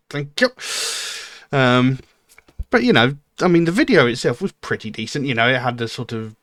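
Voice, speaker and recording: A man's voice: mid-range voice, no echo. A middle-aged man, giving casual reaction commentary on a music video in a rambling, candid way. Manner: rambling and candid, with frequent um and you know. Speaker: music reaction channel host.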